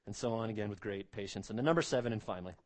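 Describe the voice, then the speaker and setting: A man's voice: fairly low pitch, very fast, a little mellow. A man preaching an expository sermon, emphatic, repeating phrases and asking rhetorical questions.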